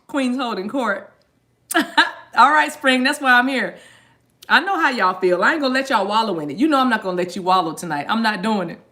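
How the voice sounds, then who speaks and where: A woman's voice: fairly high pitch, lively intonation, a little fast, sharp tone. A woman hosting a tarot live stream, chatting casually and playfully with viewers in slang, joking and laughing often. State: eating a mint while talking.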